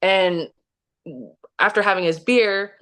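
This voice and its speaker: A woman's voice: mid-range voice, slow, fairly bright tone, clear, resonant tone. A woman from the US Midwest, a podcast guest telling a story in a casual, rambling way, full of "like" and restarts. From Kansas City, Missouri, US. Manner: rambling, heavy use of "like" and restarts.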